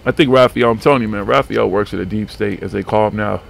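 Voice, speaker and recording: Gravelly, profane talk-radio host man. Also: fairly low pitch, fast talker. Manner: profane, rambling, animated. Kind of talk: casual live radio chat. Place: small home studio.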